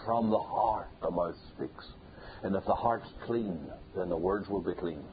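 Over a thin, phone-like line with faint hiss, a man with a low voice delivers a sermon at a measured pace. He repeats himself insistently, climbing to forceful, loud peaks.

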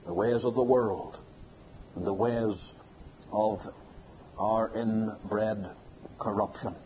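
A man preaching a sermon, hammering points home through repetition and building to loud peaks. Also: lowish voice, steady tone, takes it slowly, pauses often. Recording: tinny phone-like sound with faint hiss.

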